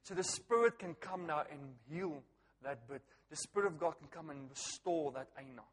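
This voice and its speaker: A man preaching a sermon to a congregation, animated and joking, often laughing and asking the people questions. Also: fairly high pitch, moderate pace. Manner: animated, joking, laughs at his own stories; talks directly to the congregation with frequent questions. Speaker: pastor. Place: church hall. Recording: long reverb of a church hall.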